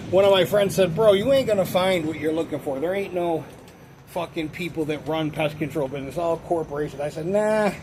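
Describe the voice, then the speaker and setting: A man telling a rambling, profane story about his life in a casual way. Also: on the high side. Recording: noisy outdoor street sound.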